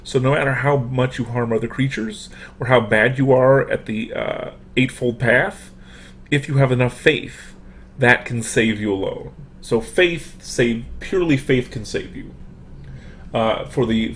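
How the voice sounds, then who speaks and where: A man's voice: mid-range voice, a little hiss or hum. A man, a professor, giving a casual online lecture through a computer microphone, full of fillers and restarts.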